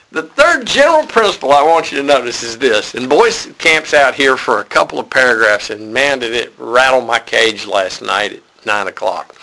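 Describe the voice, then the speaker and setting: A middle-aged man leading an informal Bible study, talking in a conversational way that grows animated when he stresses a point. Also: mid-range voice, a little hiss or hum, poor audio.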